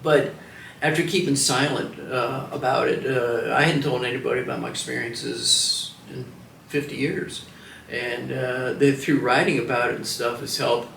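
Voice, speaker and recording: A man's voice: medium pitch, steady tone, moderate pace, gravelly, a bit bright, slight background noise. A man in his seventies, a veteran giving an oral history interview, who speaks hesitantly and reflectively with many fillers and restarts. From Washington, DC, United States. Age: 70s. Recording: roomy sound from a distant mic.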